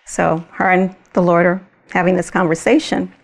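A woman retelling a faith testimony in slow, deliberate storytelling, with small laughs. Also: fairly low pitch.

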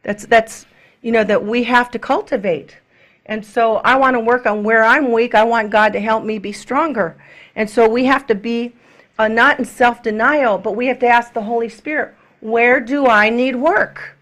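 A middle-aged woman preaching to her congregation with a somewhat high voice. She talks in a lively way, acts out the people she quotes and sometimes drops to a near whisper to make her point. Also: normal speed. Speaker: minister.

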